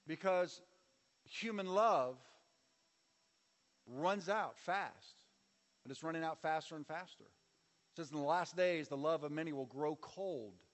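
High-voiced man preaching in echoing hall. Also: measured pace, long pauses. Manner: preaching with audience call-and-response and sweeping shifts in volume. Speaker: pastor. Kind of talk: sermon. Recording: long reverb of a large hall.

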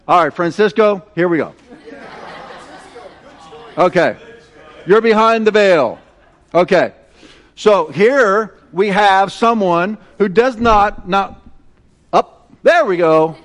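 A middle-aged man preaching a sermon in a church, talking in an animated, conversational way and getting the congregation to repeat words back to him. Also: sits high. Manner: animated and conversational, leads call-and-response with the congregation. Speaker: pastor. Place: church sanctuary.

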